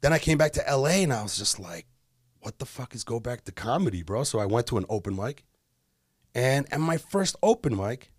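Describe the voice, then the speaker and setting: A man's voice: mid-range voice, dry recording, studio quality. A man from Detroit, a comedian guest on a podcast, telling a long story in casual talk, swearing freely and voicing the people in it. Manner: animated storyteller, swears freely, voices the people in his stories.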